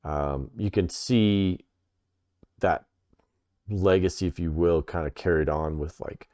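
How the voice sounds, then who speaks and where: Male podcast co-host, very deep, dry close mic, rambling filler-heavy storyteller. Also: takes it slowly, warm tone, no room sound. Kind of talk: casual chat.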